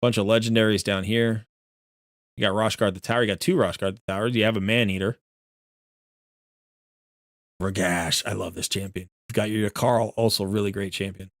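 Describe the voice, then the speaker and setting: A man's voice: lowish voice, steady tone, moderate pace, long pauses, no echo, studio quality. A man giving chatty, rambling live-stream commentary as he looks through a viewer's game account, often correcting himself.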